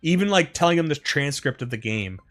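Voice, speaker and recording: A man's voice: a little high, fairly quick, soft background music. Rambling, profane male streamer. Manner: rambling, profane, animated retelling with frequent fillers. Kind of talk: casual storytelling over gameplay.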